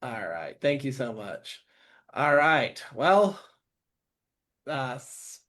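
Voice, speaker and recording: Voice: medium pitch, lively intonation, slow, a bit bright. A game host running an online vote in a casual, loose way with plenty of filler words.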